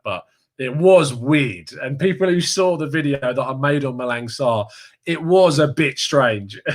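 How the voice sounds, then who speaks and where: A young man from Kent with a southeast English accent hosts a relaxed fan live stream. He chats easily and reads viewer comments aloud, breaking into laughter often. His voice sits in an ordinary middle pitch. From Kent, England. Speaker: fan channel host reading live chat. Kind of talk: casual live-stream chat.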